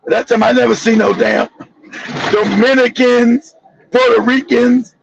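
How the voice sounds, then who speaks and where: Stream host, man from Los Angeles, very high gravelly voice, profane blunt delivery, slightly dull lo-fi audio. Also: steady tone, unhurried, no echo. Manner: profane, blunt storytelling with laughs. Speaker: channel host. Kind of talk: live-stream monologue.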